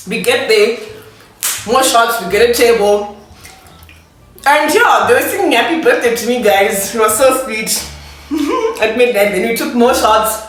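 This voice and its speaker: A woman's voice: on the high side, lively intonation, measured pace, long pauses, faint music behind. Young woman, casual storytime vlogger, laughs a lot; distant mic, echoey room. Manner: chatty, laughing, talks while eating.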